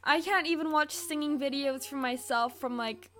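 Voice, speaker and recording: A teenage girl with a high, bright voice hosts a casual reaction video. She chatters and giggles, poking fun at herself as she goes. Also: moderate pace. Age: teens. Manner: giggly, self-mocking, chatty. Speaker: channel host.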